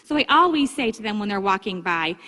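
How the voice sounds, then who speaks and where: A woman giving a casual, upbeat training talk to her sales team, breaking into livelier, higher tones when she acts out chats with customers. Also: sing-song, fairly quick, bright, forceful tone. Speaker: direct sales consultant giving vendor training. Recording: long hall reverb.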